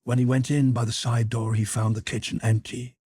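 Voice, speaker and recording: A man narrates literary fiction for an audiobook in an even, measured way. His voice sits mid-range with a husky, breathy grain. The recording is dry, with no room sound. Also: mid-range voice, no room sound. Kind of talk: scripted narration.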